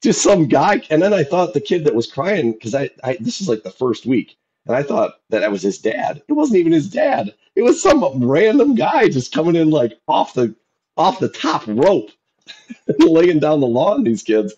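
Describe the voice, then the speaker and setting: A man co-hosting a casual podcast chat, telling coaching stories with animated acted-out quotes. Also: a little high, moderate pace. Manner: animated storytelling, acts out quoted shouting. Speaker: podcast co-host and youth football coach. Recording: dull lo-fi sound.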